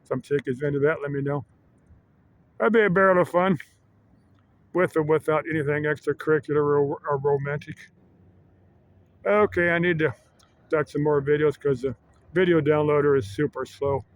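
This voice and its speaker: A man vlogging in a casual, rambling monologue that halts often on filler pauses. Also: fairly high pitch, steady tone. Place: Arizona.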